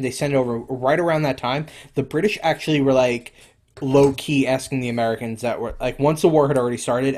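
A man talks history on a podcast in an easygoing, rambling way. His voice sits at a middle pitch, and he fills his sentences with ums and false starts as he thinks aloud. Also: a little mellow. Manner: rambling, lots of fillers and restarts. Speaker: podcast co-host. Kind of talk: casual history chat.

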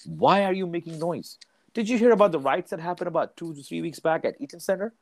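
A man's voice: a little high, animated, fast, a little mellow. A man in casual chat, ranting heatedly and swearing freely. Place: Ontario, Canada.

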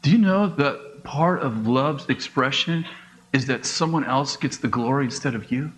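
A middle-aged man, a pastor, preaching a conversational sermon with quick asides, acted-out dialogue and laughs. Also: medium pitch, slight background noise, poor audio.

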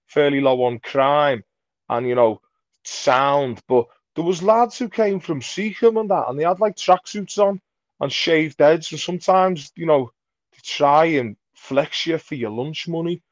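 This forties-aged comedian from Merseyside, England, talks loosely as a podcast guest, crude and self-deprecating, often starting lines over. His voice sits on the high side with lively intonation at a moderate pace. The audio is dull and free of echo.

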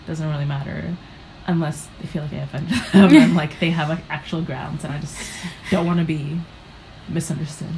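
Low-voiced young woman telling stories casually. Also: fairly even intonation, normal speed, a little mellow, a little hiss or hum, rough recording. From United States. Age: young adult. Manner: rambling, filler-heavy, acts out her own past reactions. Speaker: guest, comedian. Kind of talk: casual interview storytelling.

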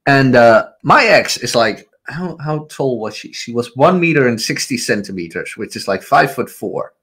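Podcast co-host, man, husky mid-pitched voice, animated and wry. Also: moderate pace. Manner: animated storyteller, sarcastic asides. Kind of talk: casual chat.

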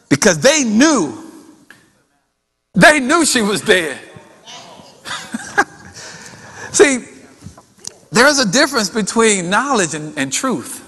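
High, bright-voiced preacher in a reverberant hall. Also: male voice, takes it slowly, pauses often. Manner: animated preaching, acts out voices, folksy asides. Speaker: pastor. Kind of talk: sermon.

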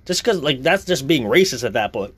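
A man's voice: mid-range voice, sing-song, fairly quick, fairly bright tone, husky. A young man talking casually, blunt and profane, in a heated rant.

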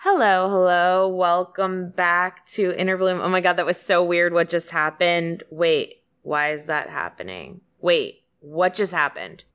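Bubbly young woman cohost, bright crisp voice, on the low side, giggly. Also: unhurried, hardly any pauses. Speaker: podcast co-host. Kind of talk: casual podcast chat.

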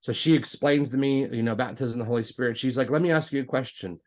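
A man telling his conversion story in a casual, animated way, acting out both sides of the conversations. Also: mid-range voice, fast. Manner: frequent fillers and restarts, says "like" a lot.

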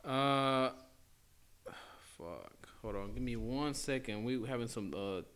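A man's voice: medium pitch, takes it slowly, a bit bright. A male host running a casual comedy interview, teasing his guests in slangy talk. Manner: slangy and teasing, says "bruh" and "bro".

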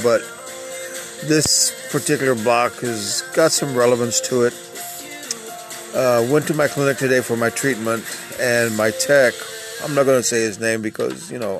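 A man hosting his own podcast, talking in a rambling, earnest, unscripted monologue. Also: mid-range voice. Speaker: podcast host. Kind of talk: casual monologue.

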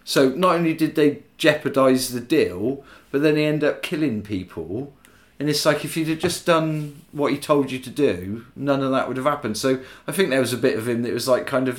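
A man's voice: mid-range voice, moderate pace. A man co-hosting a casual podcast, chatting about a film and recounting its plot. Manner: chatty, recounts plot, swears then apologises. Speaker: podcast co-host.

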